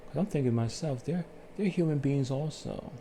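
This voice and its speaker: A man calmly telling his life story on his own channel, in a soothing, unhurried way with pauses. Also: mid-range voice, slight background noise. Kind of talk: slow reflective storytelling.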